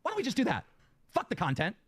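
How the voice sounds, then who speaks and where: A man's voice: high voice, huge pitch swings, quick pace, breathy edge, no echo, studio quality. A man in a clip, ranting angrily at his audience and swearing constantly. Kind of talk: angry profane rant.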